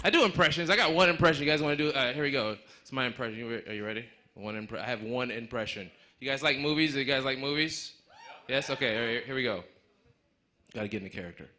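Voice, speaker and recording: A man doing a stand-up comedy set on a club stage, joking loudly and working the crowd. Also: mid-range voice, fast. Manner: loud, playful crowd work.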